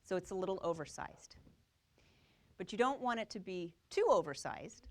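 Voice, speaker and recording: A woman's voice: on the low side, lively intonation, normal speed. A woman teaching a quilting class, explaining each step and checking that the students follow. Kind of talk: live classroom demonstration.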